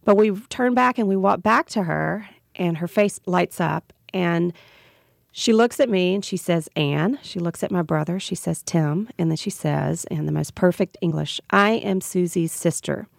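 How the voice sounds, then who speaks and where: A woman's voice: on the low side, normal speed, gravelly, no room sound, clean studio sound. A woman with a Southern US accent tells a personal story in an interview, earnest and reflective and laughing through the emotional moments. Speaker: radio guest telling a personal story.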